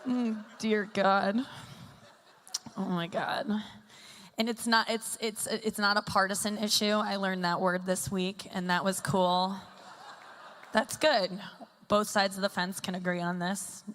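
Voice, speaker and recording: Bright-voiced woman doing rambling stand-up. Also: mid-range voice, level tone, unhurried. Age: 30s. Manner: rambling, self-deprecating, full of "like". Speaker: stand-up comedian. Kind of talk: stand-up comedy set. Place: stage before a live audience. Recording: long hall reverb, faint ambience.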